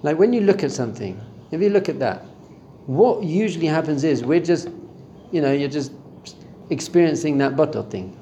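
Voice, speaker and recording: Mellow-voiced man teaching a live class. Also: on the high side, animated, moderate pace, roomy sound, slight background noise. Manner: conversational, asks the audience questions. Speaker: spiritual teacher. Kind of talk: Torah class on meditation. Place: room with a live audience.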